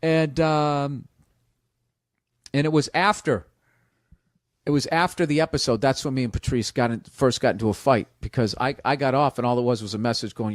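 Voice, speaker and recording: This podcast storyteller has a medium-pitched voice and a moderate pace, recorded at studio quality with no echo. He's casual and profane, animatedly performing what others said as he spins his tales.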